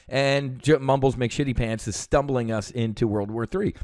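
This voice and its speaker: A man's voice: medium pitch, measured pace, hardly any pauses, a little mellow, no echo, studio quality. A veteran man hosting a show, telling a story in a casual, heated monologue full of fillers and swearing. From United States. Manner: heated, profane ranting with many fillers. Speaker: podcast host, veteran.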